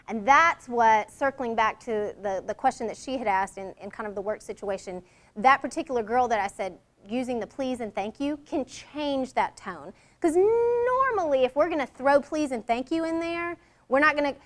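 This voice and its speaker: Woman running a workshop, high voice, chatty, acts out little lines now and then. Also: expressive, moderate pace. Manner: conversational, acts out example lines in different tones. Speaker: workshop leader. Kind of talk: workshop presentation.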